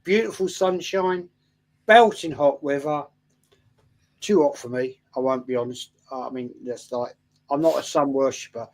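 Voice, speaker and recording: A man's voice: mid-range voice, moderate pace. A man, a panelist on a fan podcast who jokes and rants in exasperation. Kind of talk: casual chat.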